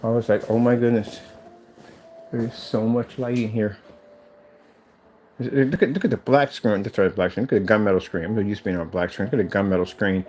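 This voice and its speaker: A man giving a fast, excited walkthrough of his studio build, then turning to fervent religious exhortation. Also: on the low side, a little hiss or hum. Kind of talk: excited casual vlog, then preaching.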